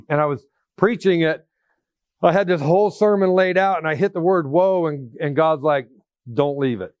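A man preaching a sermon as pastor, animated, acting out scripture quotes in different voices and laughing now and then. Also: high-pitched, dry recording, studio quality.

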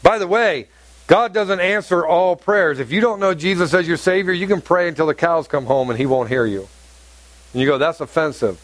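High-voiced man preaching emphatically. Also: normal speed, no echo. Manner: emphatic, repeats phrases and asks the congregation questions. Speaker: pastor. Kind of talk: sermon. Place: church hall with congregation.

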